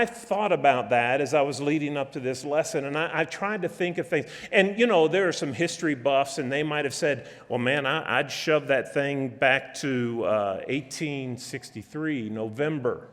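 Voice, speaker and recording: A middle-aged man preaching a sermon in a church, folksy and halting, with many restarts and fillers. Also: on the high side. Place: church hall. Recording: reverberant church hall.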